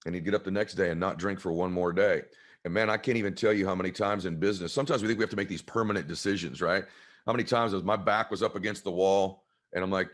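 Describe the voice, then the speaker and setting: Deep-voiced man, choked up and earnest. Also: fairly even intonation, quick pace, fairly bright tone. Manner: earnest, heartfelt. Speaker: guest author. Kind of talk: emotional storytelling in an interview.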